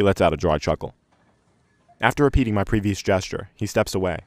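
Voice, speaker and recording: Deep-voiced man narrating fiction. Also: fairly quick, a little mellow, no room sound. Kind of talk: first-person fiction narration.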